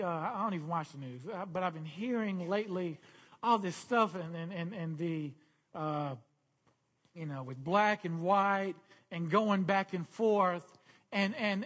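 A man's voice: high-pitched, fairly bright tone. A man preaching a sermon as pastor, earnest and repetitive, often restarting his phrases.

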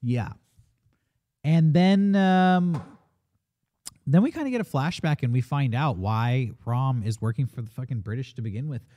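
A man's voice: medium pitch, mellow. A man hosting a casual movie review, retelling the plot with laughs and curses. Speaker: podcast host.

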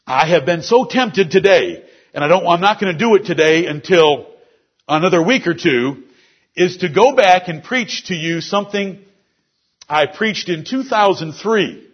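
A man's voice: high voice, expressive, unhurried, breathy edge, dull audio. A male pastor preaching an expository sermon at a church service, explaining scripture word by word.

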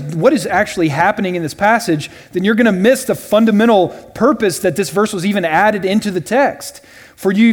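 A man teaching a Bible study class in a casual way, often checking in with "right?" and voicing quoted lines loudly and dramatically. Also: high-pitched. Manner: conversational, with frequent "right?" and "all right?" check-ins. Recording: long reverb from a large hall.

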